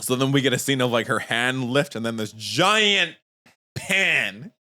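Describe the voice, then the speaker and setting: A man's voice: mid-range voice, a little slow. A man co-hosting a podcast, casually recapping an anime episode and acting out the characters' lines. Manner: animated, acts out characters' lines while retelling. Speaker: podcast co-host.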